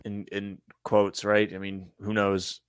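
A man co-hosting a casual sports podcast, animated and emphatic, often repeating himself. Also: lowish voice, takes it slowly, smooth, dry recording, studio quality. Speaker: podcast co-host.

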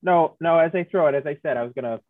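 A man with a slightly high voice talks through his character's moves, joking and restarting his sentences as he thinks. His voice comes through a dull, lo-fi mic, and the sound is dry and close, with no room. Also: fast talker, no room sound. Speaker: player. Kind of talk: playing a tabletop game over a call.

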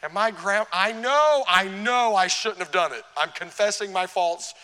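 Man preaching in a church, sharp tense tone, high voice, humorous storyteller, long reverb. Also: measured pace, clear, resonant tone. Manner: animated, humorous storytelling, asks the congregation questions. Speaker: pastor. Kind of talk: sermon. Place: church sanctuary.

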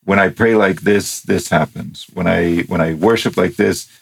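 A man hosting a talk show who reflects on faith in a thoughtful, measured way and asks rhetorical questions. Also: sits low, creaky, slightly rough, no echo.

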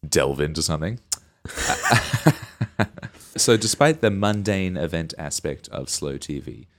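Deep-voiced giggly man rambling on a podcast. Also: animated, moderate pace. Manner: giggly, rambling, laughs often. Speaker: podcast co-host. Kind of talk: casual comedic chat.

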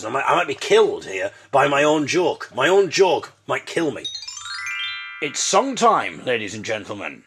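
A man hosting his own podcast, telling comic stories in a wry, self-mocking way and slipping in puns. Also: medium pitch. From Britain. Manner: fond of puns. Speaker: podcast host. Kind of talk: comic monologue.

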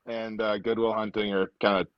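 A young man answering interview questions in a relaxed way, often repeating words. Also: fairly low pitch, brisk, dry recording. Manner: relaxed, repeats words, frequent "you know". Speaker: rugby player guest. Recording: dull dry sound, lo-fi.

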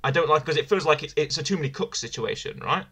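A man with a bright, forceful voice talks through a wrestling review in loose, casual podcast chat. He circles back on his own phrases, restarting and repeating as he goes. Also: on the high side, lively intonation, fast talker, slightly rough. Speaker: podcast co-host.

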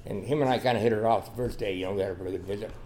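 A man's voice: lowish voice, rapid-fire, darkish tone, a little hiss or hum. An older man, a podcast guest, telling a long, rambling story in a folksy way. He restarts often and keeps saying "you know.". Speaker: podcast guest, dog trialer. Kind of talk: casual storytelling interview.

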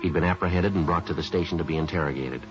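A clipped, no-nonsense police detective, played by a man, reports his case in a very deep voice at a brisk clip. Music plays clearly behind him on a dull, lo-fi old radio recording. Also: natural voice. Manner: clipped, matter-of-fact delivery. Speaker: narrator and lead detective. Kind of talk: 1950s radio crime drama.

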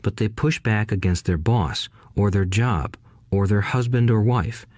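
A calm older businessman, read by a man. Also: fairly low pitch, a little slow, dry recording, studio quality. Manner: calm and quiet. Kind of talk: audiobook character voice.

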